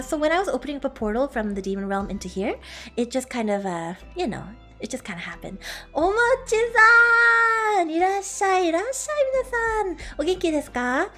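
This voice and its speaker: Woman streamer, bright high voice, lively swoops, giggly, faint music underneath. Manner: playful, giggly, animated. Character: playful dragon streamer persona. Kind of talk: casual livestream chat with viewers.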